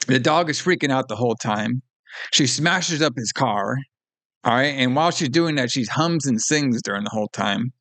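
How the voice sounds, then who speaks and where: Animated man recapping a movie. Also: mid-range voice, normal speed. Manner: animated retelling, acts out lines, swears. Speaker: podcast co-host. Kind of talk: casual film recap chat.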